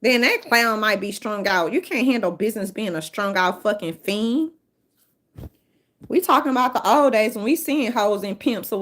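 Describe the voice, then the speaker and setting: Brash, high-voiced New Orleans woman. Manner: brash, profane, animated storytelling. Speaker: host. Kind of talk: casual storytelling monologue.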